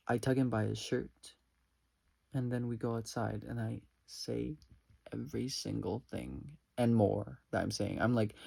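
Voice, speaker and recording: A man's voice: mid-range voice, fairly even intonation, unhurried, creaky, warm tone. A man telling a personal story as a casual vlog storytime, rambling with lots of "like" and retelling it dramatically. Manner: rambling, many "like" fillers. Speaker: vlogger.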